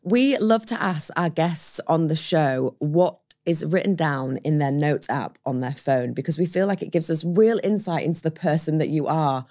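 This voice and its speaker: Woman, podcast host, low-pitched, friendly interviewer. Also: normal speed, few pauses, darkish tone. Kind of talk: interview questions.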